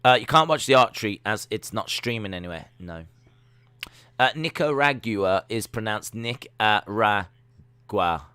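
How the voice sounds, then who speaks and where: A man's voice: fairly low pitch, lively intonation, moderate pace, bright, forceful tone, smooth, dry recording. A man hosting a casual live watch-along stream, chatting and reading search results and chat messages aloud.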